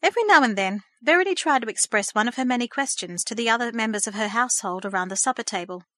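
Woman reading a storybook, calm and measured, bright tone, dry close sound. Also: fairly high pitch, no echo. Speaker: narrator. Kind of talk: scripted storybook narration.

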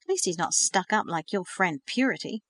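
A woman's voice: lowish voice, lively intonation, normal speed, a bit bright, dry recording. Sullen sarcastic teen boy, read by a woman. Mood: resentful. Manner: sarcastic, scoffing. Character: sullen, sarcastic teenage boy, lonely and defensive. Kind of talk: audiobook reading.

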